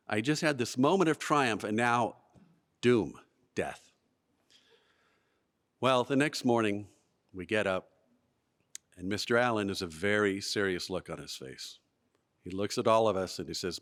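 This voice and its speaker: A man performing a comic personal story on stage at a live storytelling event, with animated delivery and comic timing. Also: fairly low pitch, moderate pace, long pauses. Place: museum event space, live audience.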